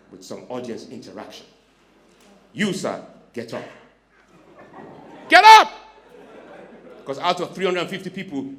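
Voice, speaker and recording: On a club stage, a man does stand-up comedy, ribbing the crowd and lurching from quiet asides to abrupt shouts into a handheld mic. His voice sits in the mid range, with a little background noise.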